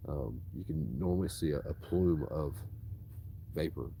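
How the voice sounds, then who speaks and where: A man's voice: rumbling low, unhurried, creaky, warm tone, a little hiss or hum. A man, rambling profanely and casually about his tree-cutting work. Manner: profane, rambling, drawling storyteller. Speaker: tree cutter vlogging.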